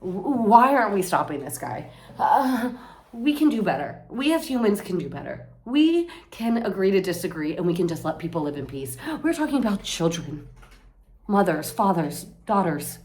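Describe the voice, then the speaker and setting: A young woman from Florida venting casually to her camera, rambling and swearing, mocking herself and jumping into loud high outbursts. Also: big pitch swings, moderate pace. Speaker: vlogger.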